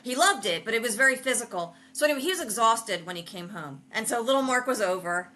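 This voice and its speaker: A woman hosting a podcast, sharing memories in a lively, emotional way and laughing often. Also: fairly high pitch, fast. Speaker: podcast host. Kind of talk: casual chat.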